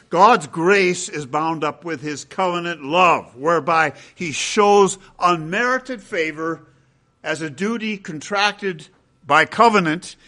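Here a male pastor gives a sermon full of rhetorical questions, his voice rising to forceful peaks and then dropping to soft, low passages.

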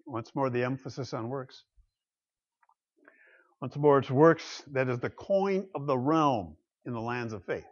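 A man preaching a sermon, swinging between loud declarations and quiet asides. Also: mid-range voice, a little slow. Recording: dull lo-fi sound.

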